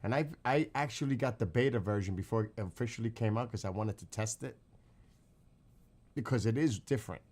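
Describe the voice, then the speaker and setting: Casual streamer guy, fairly low voice, swears a lot, loose chatty storytelling. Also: fairly quick, darkish tone. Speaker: livestream host. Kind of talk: casual livestream chat.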